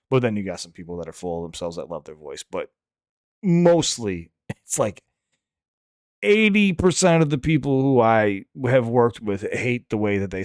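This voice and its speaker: A man with a lowish voice hosts a reaction channel and raps on the side. His commentary is casual and candid, rambling along with frequent restarts and plenty of swearing. The recording is dry, with a clean studio sound.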